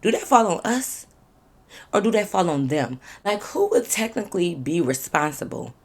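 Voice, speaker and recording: A woman telling a storytime vlog to her viewers in a blunt, animated way, swearing freely and repeating phrases for emphasis. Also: lowish voice, moderate pace, slightly rough. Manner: talks straight to viewers, asking them questions.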